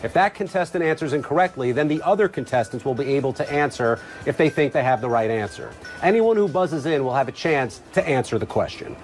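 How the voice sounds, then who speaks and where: Male game show host, animated and fairly high, light music under him. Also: brisk, hardly any pauses. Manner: upbeat, explains rules clearly. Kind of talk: scripted game show hosting.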